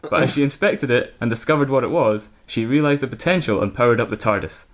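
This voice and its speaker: A man, co-host of a podcast, reading crude fan fiction aloud in a mostly deadpan voice and chatting casually about it. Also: medium pitch, quick pace.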